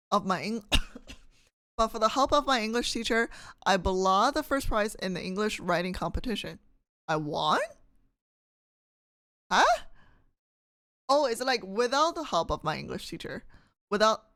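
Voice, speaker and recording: A woman's voice: mid-range voice, dry recording. Chatty woman streamer thinking aloud. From Canada. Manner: reads questions aloud, thinks out loud, laughs often. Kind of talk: casual live-stream chat with viewers.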